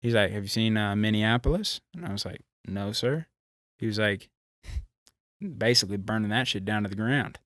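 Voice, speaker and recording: A young man from California, a podcast guest, telling a road story in a casual, profane, animated way. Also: on the low side, fairly quick, no echo, clean studio sound. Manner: animated, profane, acts out quotes.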